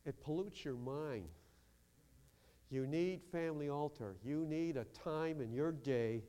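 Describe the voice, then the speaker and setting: A man preaching a lively sermon as pastor in a church, acting out quotes and breaking into shouts. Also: fairly high pitch, a little slow. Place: church sanctuary. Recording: long hall reverb.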